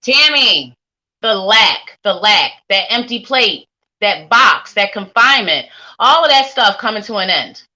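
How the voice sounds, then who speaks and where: Bright-voiced chatty woman reading tarot. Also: mid-range voice, lively intonation, unhurried. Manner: warm chatty, sing-songy, playful asides. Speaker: psychic tarot reader. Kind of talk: live-streamed reading for viewers. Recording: lo-fi stream audio.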